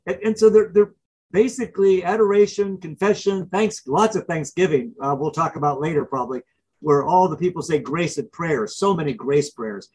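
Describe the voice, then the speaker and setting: Husky, slightly high-pitched man telling stories as an interview guest. He talks with lively animation and acts out scenes as he goes. His voice has a breathy edge throughout. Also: moderate pace, poor audio. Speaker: author and professor.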